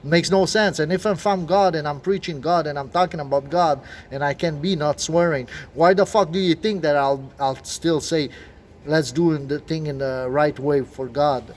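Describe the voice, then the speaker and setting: A man's voice: on the high side, normal speed, a little mellow. Agitated swearing man, faint noise behind. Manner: agitated, swearing, restarts and fillers. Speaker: video blogger. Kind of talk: rambling conspiracy monologue.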